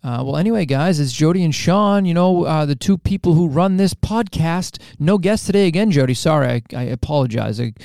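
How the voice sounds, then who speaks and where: A man with a slightly high, gravelly voice co-hosts a podcast in a studio. He rattles along at a quick clip, joking and needling his partner. The sound is dry and close. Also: expressive, a little mellow, dry recording. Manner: joking, teasing, quick talker. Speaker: podcast co-host. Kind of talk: casual chat.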